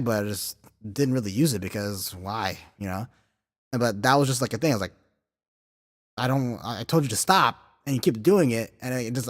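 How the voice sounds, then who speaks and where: A man's voice: mid-range voice, in a large hall. A man in his thirties hosting a podcast, telling loose, profane stories full of filler words. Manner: animated and profane, heavy filler words, laughing through stories. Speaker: podcast host. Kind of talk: casual storytelling chat.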